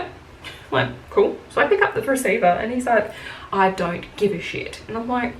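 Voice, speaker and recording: A woman's voice: mid-range voice, normal speed, slight background noise. Blunt, swearing woman in an echoey room. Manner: blunt, swears freely, animated when quoting herself. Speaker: beauty vlogger. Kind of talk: casual storytelling while doing makeup.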